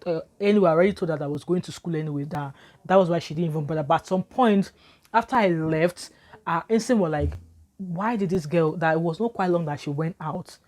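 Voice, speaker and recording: A woman's voice: fairly low pitch, darkish tone. A woman with a Nigerian English accent, telling a storytime vlog in an emphatic, repetitive way. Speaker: vlogger.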